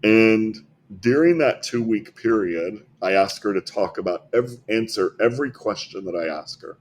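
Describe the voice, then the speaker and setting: A man's voice: on the low side, animated, normal speed. A man, a health clinic founder, earnestly telling patient stories as a guest in a podcast interview, often repeating words as he goes.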